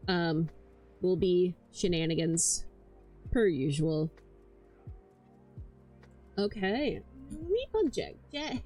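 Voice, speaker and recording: A woman's voice: lowish voice, expressive, drawn-out words, long pauses, warm tone, soft background music. A woman streaming, chatting casually and rambling, swearing often and tripping over her words, hyper but tired. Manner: rambling, swears a lot, stammers and repeats herself.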